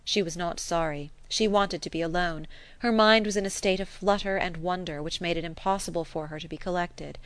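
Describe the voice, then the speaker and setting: A woman reading a classic novel aloud as narrator, measured and expressive. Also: on the low side, no room sound. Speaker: audiobook narrator. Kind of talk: scripted narration.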